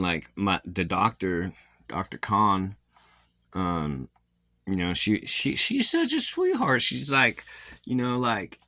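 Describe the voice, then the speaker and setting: A man's voice: deep voice, bright, forceful tone, dry recording, clean studio sound. A man vlogging casually, rambling with many fillers and restarts, his speech a little slurred from a facial injury so that he sounds like he has false teeth.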